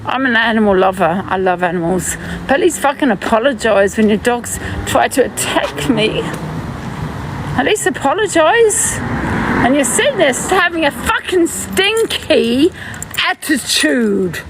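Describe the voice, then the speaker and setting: A woman's voice: a little high, very animated, a little slow. A woman live-streaming outdoors from her phone, talking in a heated, mocking way and swearing freely. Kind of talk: confrontational street live stream. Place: outdoors on a city street. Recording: phone with loud street noise.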